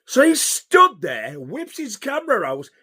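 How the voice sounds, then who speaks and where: A man telling an excited personal story, swearing freely and acting out what people said. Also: very high-pitched, unhurried, breathy edge. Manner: animated, swears a lot, acts out quotes. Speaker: YouTuber.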